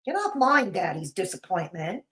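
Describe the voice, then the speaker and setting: A woman's voice: mid-range voice, big pitch swings, moderate pace, sharp tone. A woman hosting a livestream in casual chat, sarcastic and mocking, her voice a little off and sleepy. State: voice feels off, sleepy. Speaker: livestream host.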